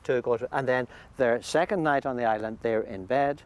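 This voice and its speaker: A man, a priest, describing a pilgrimage in a thoughtful, halting way with many restarts, recorded outdoors by a lake. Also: medium pitch. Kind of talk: conversational interview. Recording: faint outdoor background noise.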